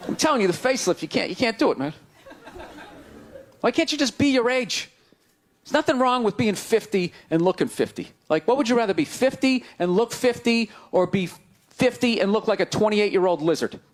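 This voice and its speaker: A man doing a stand-up routine, ranting with incredulous questions and shouting his punchlines. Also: sits high, expressive, brisk, slight background noise. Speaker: stand-up comedian. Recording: live club with crowd laughter.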